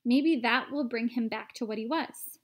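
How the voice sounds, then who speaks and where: A woman's voice: fairly high pitch, moderate pace, natural voice. A woman voicing a cheerful, eccentric bearded candy maker with a breezy, offhand manner, in a storybook read-aloud.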